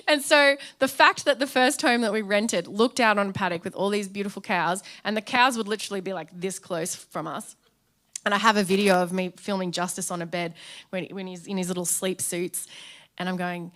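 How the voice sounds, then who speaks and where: A woman's voice: on the high side, brisk, fairly bright tone. An Australian woman in her thirties telling her testimony in church, chatty and storytelling, acting out quotes and laughing along. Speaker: church speaker sharing a testimony. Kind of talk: sermon testimony.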